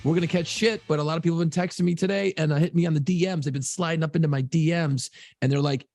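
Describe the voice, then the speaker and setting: A man's voice: on the high side, steady tone, very fast, a little mellow, no room sound, studio quality, soft background music. A middle-aged man co-hosting a casual podcast, telling loose, profane stories. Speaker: podcast co-host.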